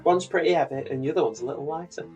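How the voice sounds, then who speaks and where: A man's voice: fairly high pitch, rapid-fire, over music. A man with a Northern English accent, co-hosting a podcast and joking around in casual banter. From Northern England. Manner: jokey, teasing, playful. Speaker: podcast co-host.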